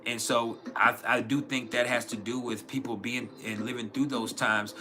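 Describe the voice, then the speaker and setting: A man's voice: mid-range voice, level tone, moderate pace. A man hosting an astrology livestream in a loose, rambling, profane way, full of fillers and restarts. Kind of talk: casual livestream chat.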